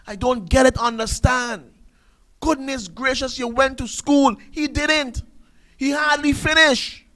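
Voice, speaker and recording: A man's voice: very high voice, steady tone, measured pace, fairly bright tone, rough recording. A man, hosting a talk show and ranting through an emphatic commentary full of rhetorical questions. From Sint Maarten.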